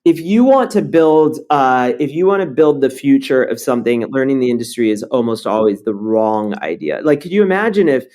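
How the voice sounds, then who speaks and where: A man's voice: mid-range voice, moderate pace, hardly any pauses. A man, a startup founder, talking bluntly and with energy in an interview, swearing now and then. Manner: animated and blunt, swears, tells stories with energy. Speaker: startup founder and CEO, guest. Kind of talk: conversational interview.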